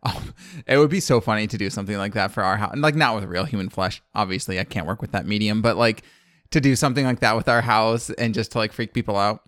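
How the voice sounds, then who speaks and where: A man's voice: on the low side, fast talker, a bit bright, dry recording, studio quality. A man from the American South casually recapping a movie as a podcast co-host, rambling and laughing often. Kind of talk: casual chat.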